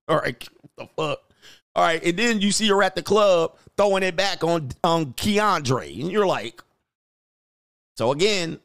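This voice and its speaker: A man's voice: on the high side, dry recording, clean studio sound. A man hosting a reaction channel, giving casual, profane dating commentary and acting out voices of the people he quotes.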